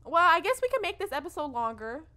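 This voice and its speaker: A woman's voice: very high-pitched, big pitch swings, quick pace, bright, forceful tone, slight background noise. A young woman hosting a let's play, chatting casually and expressively to her viewers in slangy talk. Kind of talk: casual gameplay commentary.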